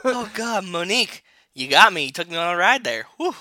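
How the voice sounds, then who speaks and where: A young man joking on a casual podcast, laughing and riffing between remarks. His voice is very bright and tense, his pitch moves a lot, and the recording is dry and close. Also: very animated, fairly quick, dry recording. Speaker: podcast co-host.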